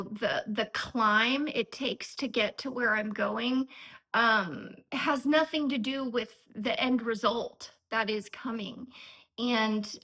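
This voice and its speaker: Woman vlogger, raised pitch and bright tone; earnest, emotional and rambling, talking straight to camera. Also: rough recording. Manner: frequent fillers and restarts. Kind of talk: unscripted personal vlog.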